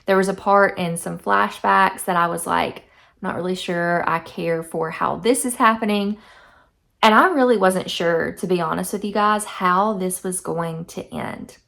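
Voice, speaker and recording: A woman's voice: lowish voice, unhurried, creaky, a bit bright. A young woman in a casual book review vlog, chatty and effusive, reading passages aloud. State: teary-eyed. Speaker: book vlogger.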